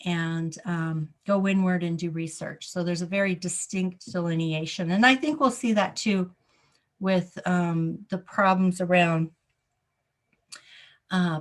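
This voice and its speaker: A woman astrologer speaks in a casual solo talk at an unhurried pace. She circles back to her main points and repeats them for emphasis. Ums and uhs fill her pauses. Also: fairly low pitch.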